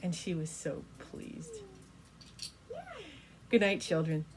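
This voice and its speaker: An older woman telling an improvised bedtime story in a gentle, folksy way as a grandmother storyteller. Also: lowish voice, wildly swooping pitch, takes it slowly. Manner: gentle, folksy, with fillers like "kinda" and "you know".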